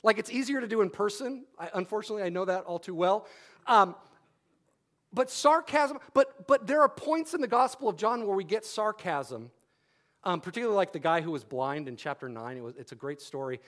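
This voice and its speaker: A man's voice: sits high, lively intonation, brisk, fairly bright tone. A man preaching a sermon, repeating key phrases for emphasis and adding wry humorous asides.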